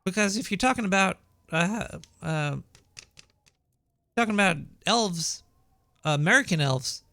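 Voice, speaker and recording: A man voicing a paranoid cartoon rat host with a shrill voice and a Brooklyn accent, rambling conspiratorially with many stumbling restarts. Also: animated, a little slow, pushed and bright, dry recording, full character voice. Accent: Brooklyn New York. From Brooklyn, New York. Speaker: podcast host. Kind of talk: rambling comedic monologue. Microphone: home setup.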